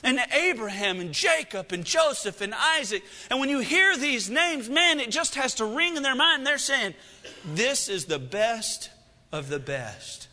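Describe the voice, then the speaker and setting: A pastor delivers an animated sermon, swinging between loud excitement and quiet, drawn-out emphasis. His voice sits very high and sounds sharp and bright, with lively ups and downs in pitch. A long reverb trails his words, as in a large hall.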